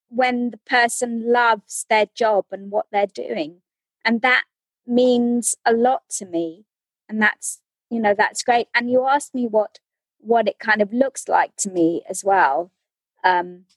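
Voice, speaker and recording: A woman educator and activist speaking slowly and thoughtfully about her own experience. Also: on the high side, no echo, rough recording. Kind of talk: casual personal account.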